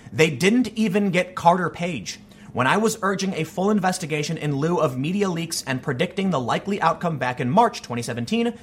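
Male political commentator, husky tone, fairly high voice, pressing his points hard. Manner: argumentative, emphatic. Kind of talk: opinion commentary monologue.

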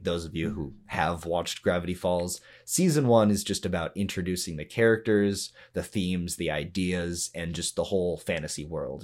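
A man's voice: sits low, a little mellow. A man co-hosting a podcast in casual chat, rambling and explaining at length, often laughing. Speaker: podcast co-host.

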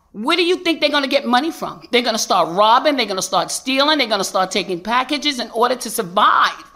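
A woman's voice: a little high, expressive, fairly quick, hardly any pauses, fairly bright tone. A woman street preacher giving impassioned, repetitive testimony at a public hearing, angry and preacherly.

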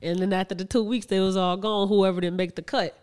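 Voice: mid-range voice, steady tone, fast, a little mellow, clean tone. A young adult podcast co-host in casual chat, telling stories with frequent laughs and mid-sentence restarts.

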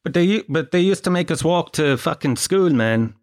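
A man's voice: on the high side, expressive, normal speed. A man from Tralee with a Kerry Irish accent, rambling through a sarcastic, profane comic monologue. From Tralee, Ireland. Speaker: comedic monologue host.

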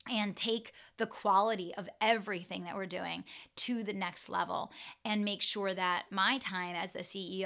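A woman's voice: mid-range voice, a bit bright. A woman hosting her own business podcast alone, talking earnestly and stacking up lists and restated phrases. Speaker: podcast host and business owner. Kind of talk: solo podcast monologue.

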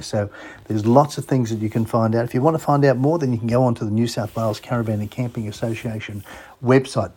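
Husky Australian radio host. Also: male voice, medium pitch, warm tone. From Sydney, Australia. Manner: chatty and enthusiastic, with frequent restarts. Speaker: radio travel show host. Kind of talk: casual radio chat.

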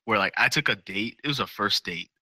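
A man's voice: fairly low pitch, a little fast, pushed and bright, no echo. A man co-hosting a podcast in casual chat, rambling and joking as he tells stories. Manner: rambling, jokey storyteller. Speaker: podcast co-host.

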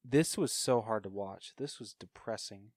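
A man's voice: lowish voice, moderate pace, no echo, studio quality. A man co-hosting a podcast, chatting casually about a film and eagerly retelling its scenes. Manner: excited retelling of scenes, laughs often. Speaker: podcast co-host.

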